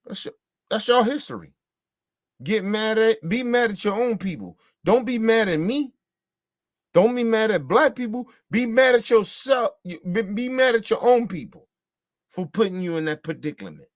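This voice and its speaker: A man's voice: high voice, expressive, moderate pace, dry recording, clean studio sound. A man from the United States delivering a heated, profane, repetitive ranting monologue as a show host.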